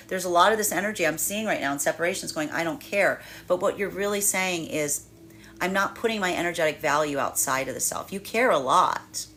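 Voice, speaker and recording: A woman with a slightly low voice gives a loose, unscripted tarot reading. She circles back on her words and restarts sentences. Now and then she breaks into lively voiced asides. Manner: rambling, self-correcting, animated when voicing others. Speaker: tarot reader. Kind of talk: daily tarot energy reading.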